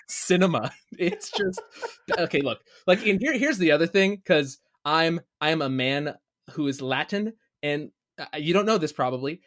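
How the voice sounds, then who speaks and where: A man with a fairly high voice co-hosts a casual gaming podcast. He rants with animated energy and slips into jokey bits. The sound is dry and close. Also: no echo. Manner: animated, ranting, jokes in put-on voices. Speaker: podcast co-host.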